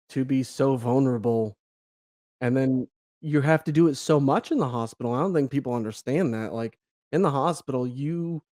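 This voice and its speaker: Animated young man telling a story. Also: mid-range voice. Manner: animated, acts out quoted dialogue, laughs, swears casually. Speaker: podcast guest. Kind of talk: casual storytelling in conversation.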